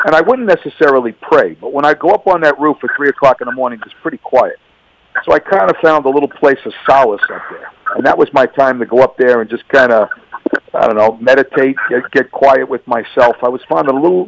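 Gravelly man giving earnest testimony. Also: medium pitch, fast, no echo, dull audio. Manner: earnest, emphatic, with repetitions and stammered restarts. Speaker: radio guest giving his testimony. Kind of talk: personal faith testimony.

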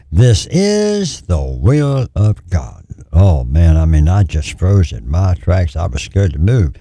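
A preacher man with a deep, husky voice and a dark, gravelly tone. He pleads earnestly, repeats his phrases for emphasis, and swings widely in pitch. The sound is dry and close. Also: no echo. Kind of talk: call-in ministry sermon.

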